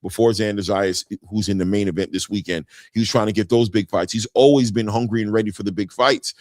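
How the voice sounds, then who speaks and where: On a dry recording, a man runs a boxing live stream, reading out viewer comments in casual chat and tacking "man" onto many lines. He speaks a little fast and stays animated, his pitch leaping when he greets people.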